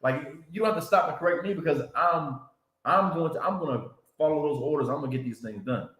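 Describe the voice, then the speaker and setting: A man's voice: a little high, fairly quick, fairly bright tone. A man teaching a Bible class in a preaching style, repeating himself and checking in with "you understand?" and "man.". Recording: roomy echo.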